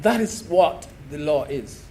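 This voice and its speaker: High-voiced, slow senator. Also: male voice, expressive, warm tone, a little hiss or hum. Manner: emphatic, repeats key phrases, addresses the chair as sir. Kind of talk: parliamentary debate speech.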